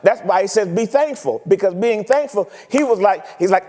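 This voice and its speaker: High-voiced preacher in an echoing church. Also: male voice, moderate pace. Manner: animated, teasing preaching with rhetorical questions. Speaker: pastor. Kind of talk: sermon. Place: church sanctuary.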